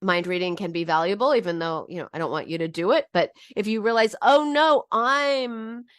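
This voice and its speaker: A woman's voice: on the low side, fast, dry recording, clean studio sound. A middle-aged woman teaching about binge eating in a heartfelt personal talk, often restarting her sentences. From United States. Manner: earnest and heartfelt, with frequent restarts.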